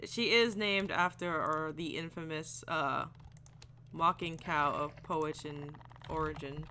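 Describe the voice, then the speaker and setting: With a low, steady, bright and forceful voice, she takes her time while offering laid-back gameplay commentary. Giggling, she speaks to the animals and shifts into silly voices; a faint hiss or hum is present.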